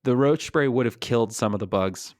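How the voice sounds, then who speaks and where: A man's voice: mid-range voice, fairly quick, darkish tone, no room sound. Thoughtful man, dry close sound. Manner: thoughtful, hesitant with many fillers. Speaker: podcast co-host. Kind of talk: casual chat.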